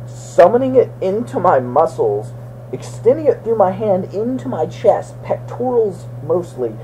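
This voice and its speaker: A young man talking casually to the camera in a goofy, joking way, breaking into loud outbursts. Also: high voice, very animated, measured pace, a little hiss or hum, poor audio. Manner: goofy, jokey, with sudden loud shouted bits. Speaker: vlogger. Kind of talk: casual video blog to his brother.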